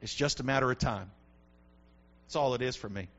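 A male pastor preaching a sermon in church, building to shouted peaks. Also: mid-range voice, fairly quick, highs cut off.

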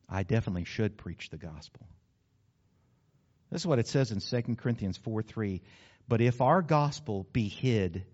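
A man's voice: lowish voice, a little mellow, breathy edge, muffled recording. A man preaching a sermon as pastor, conversational and emphatic, with sudden exclamations.

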